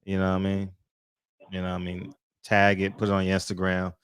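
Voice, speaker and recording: Man, low voice, laid-back chat, dry close sound. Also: monotone, a little fast, smooth, dry recording. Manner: laid-back, laughs often, says "you know what I mean". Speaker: podcast co-host. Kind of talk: casual chat.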